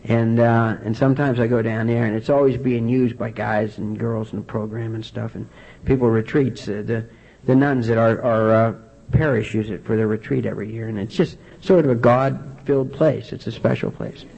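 Gravelly husky man telling his story. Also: mid-range voice, fairly even intonation, darkish tone. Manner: earnest, halting, frequent restarts. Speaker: recovery meeting speaker. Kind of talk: personal testimony talk. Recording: dull lo-fi recording.

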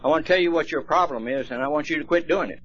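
A man's voice: on the high side, rapid-fire, fairly bright tone, natural voice. A man voicing a blunt, scolding old male mentor in a story. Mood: stern. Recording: dull lo-fi recording, faint music.

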